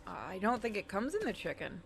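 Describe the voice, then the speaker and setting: A woman's voice: mid-range voice, very animated, a little fast, vocal fry. A woman streaming a game, chatting casually and rambling in a self-deprecating way, with lots of fillers. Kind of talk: casual live-stream chat and gameplay commentary.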